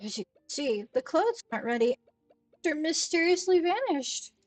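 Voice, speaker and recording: A woman's voice: high voice, big pitch swings, moderate pace, far from the mic, voice pushed up. A woman voicing a sneezy, apologetic older woman who runs a shop in a cozy game, reading the dialogue aloud and breaking it with acted sneezes. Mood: flustered.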